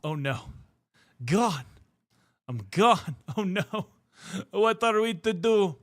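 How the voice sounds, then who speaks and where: A man's voice: high voice, lively intonation, takes it slowly, a bit bright, dry recording, studio quality. A young man chatting playfully with his viewers as a livestream host, a little out of breath. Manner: playful, chatty, talks to chat. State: mildly out of breath. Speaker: streamer. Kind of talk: casual livestream chat.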